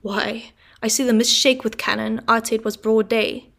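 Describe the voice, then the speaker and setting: A woman voicing a gruff, starving male convict who speaks loudly and urgently, with a gravelly voice. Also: a little high, level tone, moderate pace. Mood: haunted. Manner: loud, rough and urgent.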